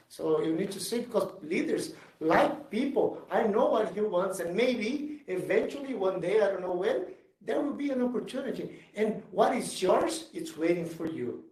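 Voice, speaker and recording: Male executive speaker, slightly high voice, earnest and emphatic, picked up from a distance in a roomy space. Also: animated, normal speed, hardly any pauses, darkish tone. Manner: earnest, emphatic, repeats himself in non-native English. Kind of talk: motivational talk and Q&A. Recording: roomy sound from far off the mic.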